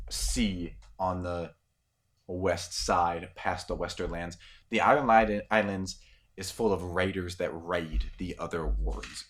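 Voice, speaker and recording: A man narrating a tabletop role-playing game as game master, casual and rambling with lots of fillers. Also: low voice.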